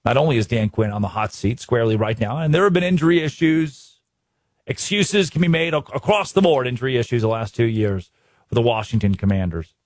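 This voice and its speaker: A man's voice: mid-range voice, a little fast, dry recording, clean studio sound. A man from Arkansas hosting a sports talk show, ranting emphatically and restarting his sentences. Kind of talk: animated sports commentary.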